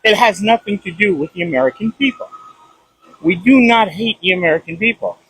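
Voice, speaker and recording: A man's voice: high voice, lively intonation, fairly quick, a bit bright, breathy edge, low-quality recording. A man answering in an interview, friendly and rambling. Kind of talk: street interview.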